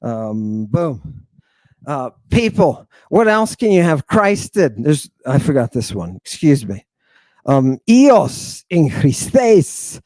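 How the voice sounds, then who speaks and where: A man hosting an animated lecture on word meanings, talking emphatically in an excitable, jokey, irreverent way. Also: fairly high pitch, slow, no echo. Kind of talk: animated lecture to an online audience.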